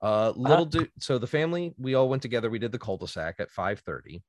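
A man's voice: mid-range voice, quick pace, dry recording. Guy in his 30s telling a funny story, laughs a lot, dry close sound. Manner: animated, laughs often, acts out quotes. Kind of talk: casual storytelling chat.

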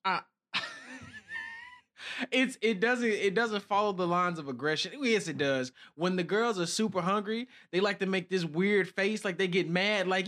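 Animated high-voiced man telling stories. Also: moderate pace. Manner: animated storytelling, acts out quotes in changing voices. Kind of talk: casual chat.

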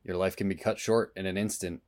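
A man's voice: sits low, steady tone, brisk, a little mellow. A man in his forties talking about a film in a casual podcast, thoughtful and subdued. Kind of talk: casual movie discussion.

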